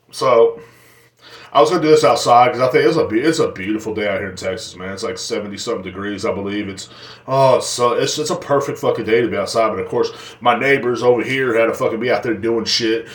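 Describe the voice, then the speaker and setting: A man's voice: medium pitch, quick pace. Profane rambling male podcaster, roomy echo. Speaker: podcast host. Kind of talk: rambling solo podcast rant. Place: indoors at home.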